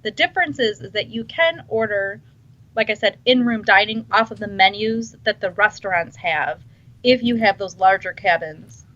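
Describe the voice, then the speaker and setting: A woman's voice: medium pitch, moderate pace, sharp tone. A woman chatting casually on a podcast, enthusiastic and restarting her sentences often. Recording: dull lo-fi sound.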